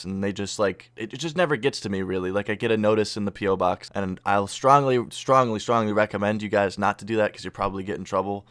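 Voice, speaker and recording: A young man telling a story casually over gameplay footage, swearing freely and animated as he retells it. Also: fairly low pitch, clear, resonant tone. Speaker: YouTuber.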